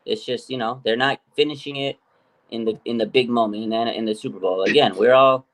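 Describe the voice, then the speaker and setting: A man's voice: mid-range voice, steady tone, a little fast. A man hosting a casual sports podcast, rambling through his points with lots of fillers. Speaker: podcast host.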